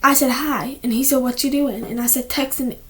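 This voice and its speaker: A teenage girl vlogger chats casually at home indoors, rambling with many restarts and often dropping to a whisper. Her voice sits high and is fairly bright, steady in tone and fairly quick.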